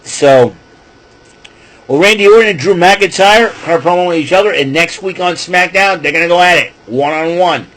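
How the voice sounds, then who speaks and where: A man casually rambling through a wrestling show recap, excitable and correcting himself as he goes. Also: high-pitched, moderate pace, low-quality recording. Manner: excitable, self-correcting, chatty asides.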